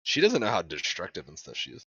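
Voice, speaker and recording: Man, quick animated talk, headset mic, dull lo-fi sound, casual chat. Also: deep voice, crowd noise. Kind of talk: casual gaming chat over voice call.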